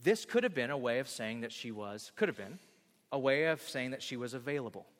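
A man's voice: mid-range voice, a little fast, big-room sound. A male pastor preaching a sermon in a church, acting out scenes and joking with the congregation. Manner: animated, acts out scenes, jokes with the congregation. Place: church sanctuary.

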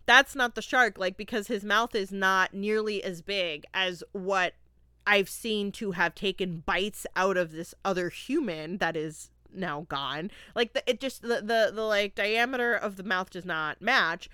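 A young woman from Florida hosting a podcast, casually reviewing a movie with lively laughter and acted-out quotes. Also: medium pitch, measured pace, smooth, no echo, clean studio sound. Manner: animated, laughing, acts out quotes. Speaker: podcast host.

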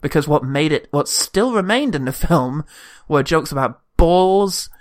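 A man's voice: a little high, expressive, measured pace. Sardonic man chatting about films. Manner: sardonic, swears freely. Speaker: podcast co-host. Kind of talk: casual film review chat.

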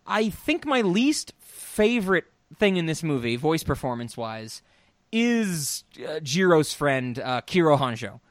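A man's voice: a little high, sing-song, unhurried, dry recording. A man hosting a podcast, chatting casually and rambling with strong opinions about film voice acting. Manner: rambling and opinionated, many ums and restarts, swears. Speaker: podcast host.

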